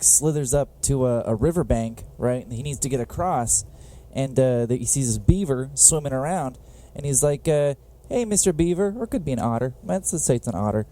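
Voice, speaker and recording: A man's voice: medium pitch, dark tone, a little hiss or hum. A man on a podcast, telling a story casually with halts and self-corrections. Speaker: podcast co-host.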